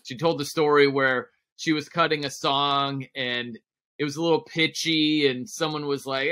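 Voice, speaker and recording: A man's voice: a little high, steady tone, normal speed, sharp tone. A man appearing as a guest on a radio sports show, talking casually, enthusiastic and plain-spoken, on a studio microphone.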